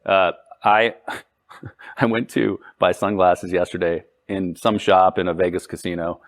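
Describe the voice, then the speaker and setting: A man with a very low voice hosting a podcast. He chats casually and backs up his guest with frequent short agreements. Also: steady tone, measured pace. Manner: supportive listener, many short agreements. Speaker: podcast host. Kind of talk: casual interview chat.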